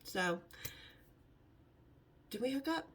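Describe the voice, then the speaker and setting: Woman, middle-aged, fairly high voice, sarcastic, brash, casual storytelling vlog host. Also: lively intonation, slow, fairly bright tone, breathy edge.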